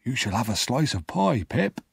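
A man reading a story aloud and voicing a gentle, plain-spoken blacksmith in a quiet, calm way. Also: mid-range voice, moderate pace, creaky, breathy edge, dry recording, clean studio sound, exaggerated voice.

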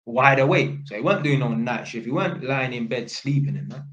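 A man's voice: mid-range voice, expressive, fairly quick, fairly bright tone. A young man with a London accent telling a casual story about his work, in street slang with constant tag questions. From Britain. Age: young adult. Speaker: vlogger. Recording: roomy, slightly dull sound.

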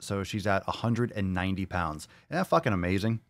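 Profane, excitable low-voiced male podcast host. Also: a little fast, dry recording. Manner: profane, excitable, repeats phrases. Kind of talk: casual podcast monologue.

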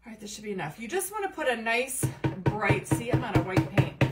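A woman's voice: a little high, sing-song, a little fast, loud music behind the voice. A middle-aged woman hosting a casual crafting livestream. She chats along, greets viewers by name and drifts into rambling asides. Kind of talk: casual live crafting chat. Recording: slightly distant mic with faint room noise.

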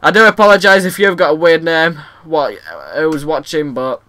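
Young guy rambling over a tennis game, high bright voice, gets shouty. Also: normal speed. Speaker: gaming video host. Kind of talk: casual game commentary.

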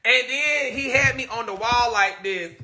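A man's voice: very high-pitched, moderate pace. A man telling a story casually to live viewers on a phone, dramatic and full of outbursts. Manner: animated, dramatic retelling with outbursts. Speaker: live-stream host.

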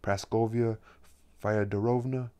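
A restless young poet in a hospital bed, earnest and pleading, as a man reads him aloud. The voice sits deep and fairly level, close to the reader's own, with only a slight lift when he begs. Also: level tone, a little fast, darkish tone, lightly acted.

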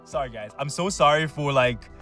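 A man hosting gameplay commentary, his voice sitting at an ordinary middle pitch. He chats casually and coaxes the game along with slang and pet names, ready to break into loud cheers. Soft music plays faintly underneath. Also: normal speed. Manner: bursts into loud shouts and cheers when excited. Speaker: gaming channel host.

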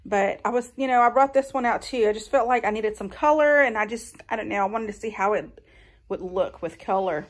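A woman's voice: fairly high pitch, a little fast. A young woman, chatting casually to camera at home about her makeover plans. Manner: chatty and folksy, addresses viewers as y'all.

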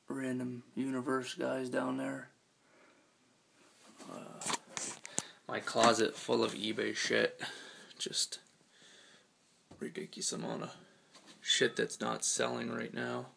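A man with a deep, heavily gravelly and hoarse voice walks through his collection in a relaxed, rambling way. He speaks slowly and flatly, with plenty of ums and offhand swearing. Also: slight background noise. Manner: laid-back, rambling, with many ums and casual swearing. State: scratchy, hoarse voice. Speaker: collector giving a room tour. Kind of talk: casual collection walkthrough. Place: his room at home.

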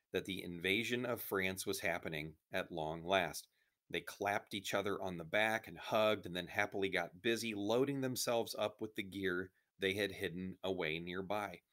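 A man reading a children's novel aloud in a steady, even narration. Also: sits low, normal speed.

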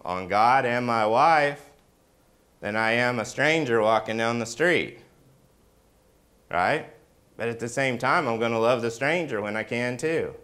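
A man preaching a sermon as pastor, firing questions at the congregation and swinging from hushed lows to emphatic, rising peaks.

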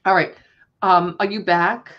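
A woman's voice: on the low side, steady tone, measured pace, dull audio. A woman hosting a live auction stream, laughing through her words. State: laughing to tears. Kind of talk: live selling stream chat.

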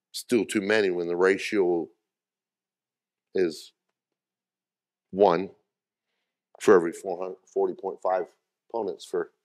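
A male pastor preaching a folksy sermon with cowboy talk. He moves from low, quiet lines to loud shouting.

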